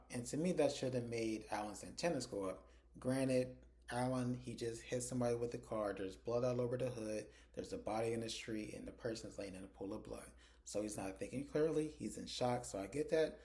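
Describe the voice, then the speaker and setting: Mellow-voiced man recapping a TV episode. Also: mid-range voice, expressive, brisk. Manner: retells scenes conversationally, acting out characters' lines. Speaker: TV episode reviewer. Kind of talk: casual spoken episode recap.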